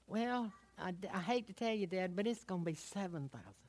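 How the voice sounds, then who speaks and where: Woman playing a sly college boy, soft and wheedling, dropped low in a sermon joke. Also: lively intonation, fairly quick, close to an everyday voice. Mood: hesitant. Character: scheming college-age son, smooth-talking.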